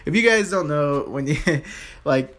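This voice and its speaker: A man's voice: a little high, a little slow. A young man casually telling his viewers a story from his sales job, rambling with fillers and restarts and acting out what people said. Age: young adult. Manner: animated, acts out quoted voices. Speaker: store salesperson.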